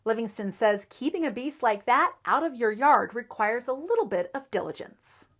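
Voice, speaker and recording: A woman reporter reading a local news story in a measured, even newsreader delivery. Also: a little high. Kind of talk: scripted news narration.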